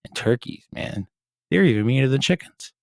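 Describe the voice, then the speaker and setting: A man's voice: mid-range voice, animated, moderate pace, creaky, darkish tone, no echo, clean studio sound. A young adult man co-hosting a podcast in casual chat, laid-back and joking, with frequent swearing. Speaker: podcast co-host.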